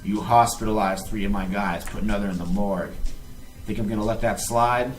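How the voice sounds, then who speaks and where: A man voicing a menacing, burly, ice-powered male gangster in a tabletop game, speaking in a gruff, threatening way. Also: lowish voice, steady tone, brisk, far from the mic, soft background music, pitched below the performer's own voice, lightly acted.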